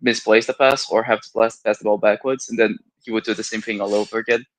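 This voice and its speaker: A man's voice: lowish voice, fairly even intonation, quick pace, slight background noise, low-quality recording. A man co-hosting a football chat stream, breaking down plays in an analytical way. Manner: analytical, interjecting. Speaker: co-host.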